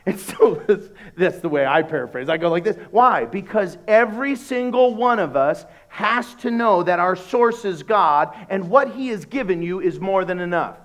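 A middle-aged man preaching a sermon as a pastor, telling humorous stories and acting out conversations in a lowered voice. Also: moderate pace, hardly any pauses. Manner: animated, humorous storytelling that acts out dialogues in a lowered voice.

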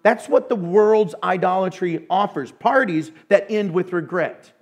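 A male pastor preaching a sermon in an animated way, acting out voices with sudden hushes and bursts. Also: high-pitched, a little slow.

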